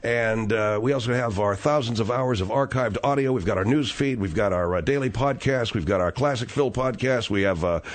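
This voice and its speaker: A man hosting a radio talk show from a studio by the ocean, talking fast with a salesman's push on a studio microphone. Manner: fast, promotional pitching.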